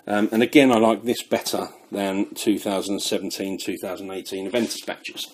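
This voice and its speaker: A man's voice: on the low side, steady tone, normal speed, hardly any pauses, slight background noise. A British man reviewing fragrances in a chatty, rambling way, a little out of breath. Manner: chatty, rambling, self-deprecating. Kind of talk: casual product review.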